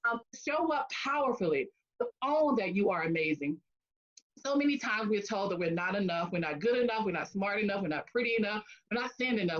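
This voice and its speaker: An expressive woman recounts her story as an interview guest. She talks in a middle pitch, slips into other people's voices and laughs easily. The sound is a bit dull and lo-fi, like a video call. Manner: animated storyteller who acts out quotes and laughs often. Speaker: guest, speech-language pathologist and coach.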